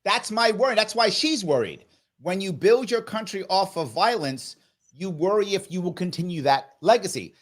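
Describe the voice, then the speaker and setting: Emphatic New man, higher voice. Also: expressive, normal speed. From New York. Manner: emphatic storyteller who acts out quoted voices. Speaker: political guest. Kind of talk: animated interview talk.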